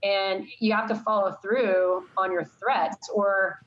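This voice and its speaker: A woman's voice: medium pitch, fairly even intonation, takes it slowly. Woman, teacher, earnest, opinionated, dull recording. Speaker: college science teacher. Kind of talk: casual chat.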